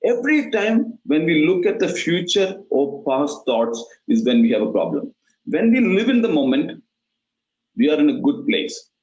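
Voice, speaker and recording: A man's voice: on the high side, sing-song, normal speed, darkish tone. A man teaching meditation, explaining steps through repeated analogies. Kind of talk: explanatory talk. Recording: roomy, dull lo-fi recording.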